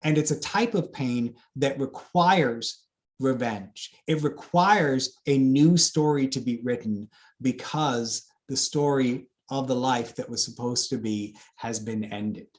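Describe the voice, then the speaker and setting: A man giving a lively public lecture on epic poetry, with fillers and asides to the audience. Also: mid-range voice, slow pace. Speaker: classics lecturer.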